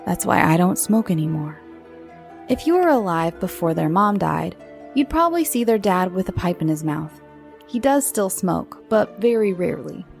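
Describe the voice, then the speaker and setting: With faint music behind her, a woman narrates a scary bedtime story for children as the show's host. Her mid-range voice is creaky and darkish with lively intonation, and she moves slowly and dramatically, sometimes whispering.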